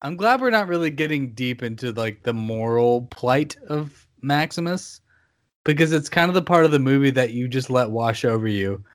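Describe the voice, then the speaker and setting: A man in casual podcast conversation, riffing on a film with a loose, jokey manner. His voice sits at a middling pitch. The sound is dry and close, with no room around it. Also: animated, moderate pace, no echo. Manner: jokey, slips into silly accents. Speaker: podcast co-host. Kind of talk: casual chat.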